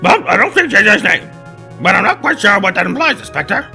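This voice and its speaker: A man voicing a pompous, high-strung male rooster lawyer who speaks loudly and haughtily. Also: very animated, a little fast, gravelly, soft background music, full character voice. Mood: haughty. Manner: loud, haughty, indignant.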